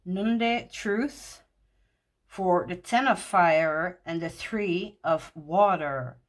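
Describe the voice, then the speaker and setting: A woman walking through a tarot deck in casual talk, gushing and excited, laughing often. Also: fairly low pitch, drawn-out words.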